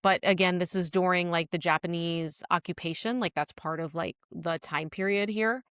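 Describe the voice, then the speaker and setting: A woman's voice: on the low side, steady tone, normal speed, a bit bright, clear, resonant tone, no echo, clean studio sound. A woman co-hosting a podcast, casually retelling a drama scene with lots of "like" fillers. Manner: rambling retelling full of "like" fillers. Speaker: podcast co-host.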